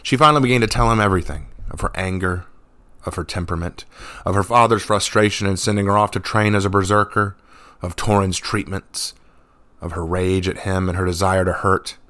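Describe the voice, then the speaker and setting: A man reading a fantasy story aloud in a measured, even narration. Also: low voice, dry recording.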